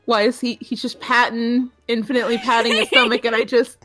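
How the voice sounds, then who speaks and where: A woman's voice: on the high side, flat delivery, brisk, over music. A woman co-hosting a game stream who reads chat messages aloud and banters in a chatty, amused way. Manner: chatty and amused, laughing often. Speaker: co-host reading chat.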